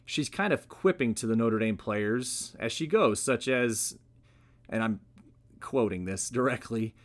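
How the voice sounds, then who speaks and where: A man's voice: mid-range voice, a little slow. A man hosting a history podcast, telling the story conversationally with wry asides. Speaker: podcast host. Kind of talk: casual history podcast narration.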